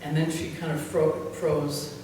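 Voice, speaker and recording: An older woman pastor, speaking low at a measured pace with little pitch movement, tells church anecdotes in a chatty, rambling way, chuckling and using many fillers. She's heard from a distance in a church hall full of echo and faint noise.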